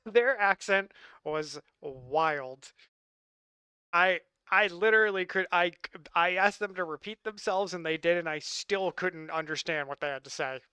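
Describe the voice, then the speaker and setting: A man's voice: high-pitched, steady tone, moderate pace, hardly any pauses, pushed and bright, smooth, no room sound. A man from Long Island chatting casually with his stream chat in a wry, talkative way. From Long Island, New York.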